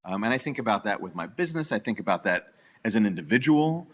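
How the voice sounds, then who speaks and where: A man's voice: on the low side, very animated, fast talker, fairly bright tone, muffled recording. A man from the New York area talking as a business owner in a casual podcast interview, eager and rambling with many restarts. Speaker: guest, bakery owner.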